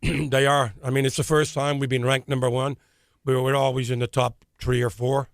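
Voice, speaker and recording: Relaxed Irish man, studio guest. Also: mid-range voice, brisk, no room sound. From Ireland. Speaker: studio guest, soccer coach. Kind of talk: casual radio interview. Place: radio studio.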